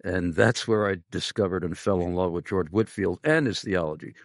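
Host: middle-aged man, very low voice, dry close sound, measured delivery with many pauses. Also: no echo. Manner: measured, pausing often with "uh". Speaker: pastor and podcast host. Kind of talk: conversational interview.

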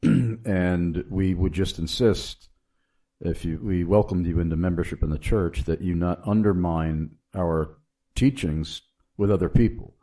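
A man giving an earnest, casual spoken testimony as a guest, halting often with fillers and restarts. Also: low voice, mellow. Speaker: guest telling his testimony.

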